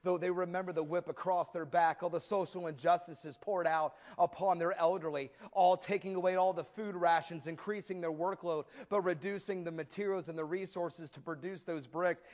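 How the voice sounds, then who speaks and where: A man preaching a sermon, dramatic and storytelling, swinging between loud declaiming and soft asides with folksy humor. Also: high voice, steady tone, normal speed, few pauses.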